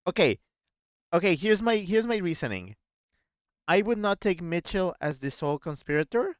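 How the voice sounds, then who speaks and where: A man hosting a casual game stream, reading chat aloud and thinking out loud in a playful, chatty way. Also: a little high, sing-song, moderate pace, smooth, dry recording, clean studio sound. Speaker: gaming streamer, host.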